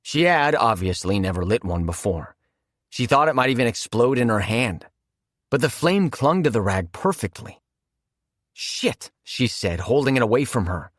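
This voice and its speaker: A man narrating a horror audiobook in a measured, vivid storytelling manner. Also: mid-range voice, sing-song, dry recording, clean studio sound.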